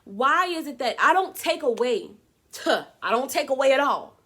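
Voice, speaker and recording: Animated high-voiced woman vlogger. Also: normal speed. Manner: animated, dramatic quoted voices. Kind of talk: casual opinion talk to camera.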